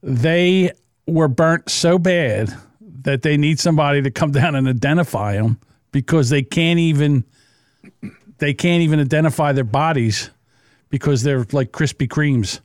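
A man's voice: fairly high pitch, unhurried, no room sound, clean studio sound. Laughing, foul-mouthed male podcast co-host. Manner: laughs often, swears freely. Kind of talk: casual podcast banter.

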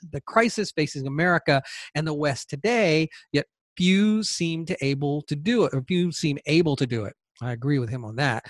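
A man's voice: a little high, dry recording, studio quality. A man hosting a podcast who talks casually and rambles, repeating words and going off on tangents. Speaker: podcast host.

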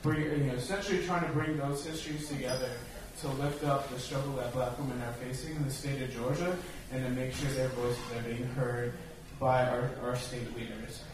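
A man's voice: mid-range voice, fairly even intonation, a little fast, hardly any pauses. A man organizer speaking at a rally, announcing events with some hesitant restarts. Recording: echoey, distant, noisy.

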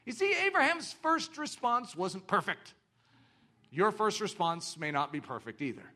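A man's voice: high-pitched, measured pace. A man preaching a sermon, asking the congregation rhetorical questions and acting out the voices in the story. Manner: animated, acts out quoted voices, rhetorical questions.

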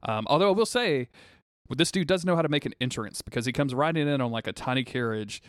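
A man's voice: mid-range voice, lively intonation, quick pace, no echo, studio quality. A man co-hosting a podcast, recapping a TV episode in casual, rambling chat full of fillers and restarts. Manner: rambling, lots of fillers and restarts, bursts of laughter. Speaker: podcast co-host.

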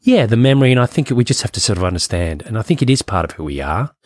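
A man's voice: fairly low pitch, big pitch swings, fast talker, dry recording, studio quality. A man, a film producer, chatting as a podcast guest, musing with lots of fillers and restarts. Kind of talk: casual interview chat.

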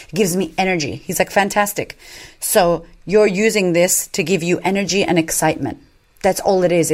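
A woman in her thirties telling stories candidly as a podcast guest, swearing freely and acting out what people said. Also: fairly low pitch. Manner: animated, swears freely, acts out quotes. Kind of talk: candid conversational storytelling.

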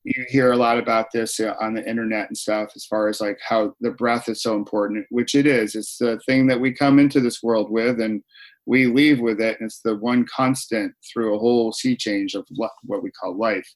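A man's voice: lowish voice, fairly even intonation, normal speed. A man who writes and gives talks, speaking as a podcast guest in an easygoing, reflective way. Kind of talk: casual interview chat.

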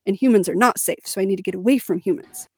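Young adult woman, podcast co-host, candid and emphatic storytelling, mid pitch, dry recording. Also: fast, darkish tone, slightly rough, no echo. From Missouri, United States. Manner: candid and emphatic, with laughs and fillers. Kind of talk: personal storytelling in a podcast chat.

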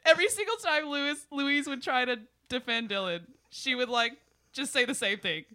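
A woman, telling a road story in casual podcast chat, animated and laughing as she acts out the people in it. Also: high voice, brisk. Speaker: podcast guest, musician.

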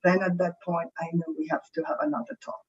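A woman's voice: fairly low pitch, fast, slightly rough, highs cut off. A woman with a French accent, a creativity coach, explaining ideas in a conversational interview and often checking in with "right?".

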